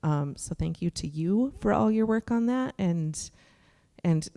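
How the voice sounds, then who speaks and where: Low-voiced woman hosting a casual on-stage church interview, warm and wry, heard through a reverberant hall. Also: animated, unhurried, vocal fry. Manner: warm, affirming, dry sarcastic asides. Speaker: church service host interviewing a guest. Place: church sanctuary.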